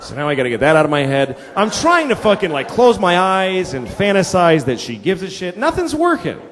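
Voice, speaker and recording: Swooping wildly in pitch, this high, slightly bright male voice moves fairly quickly through a stand-up set. The comedian, a man in his forties, spins crude, exasperated tales and adopts put-on voices before a laughing theater crowd. Captured live in the hall, the audio has reverb, crowd laughter and slight background noise.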